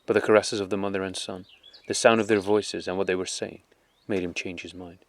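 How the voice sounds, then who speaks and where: Man, audiobook narrator, lowish voice, calm, measured reading. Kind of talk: audiobook narration of a classic novel.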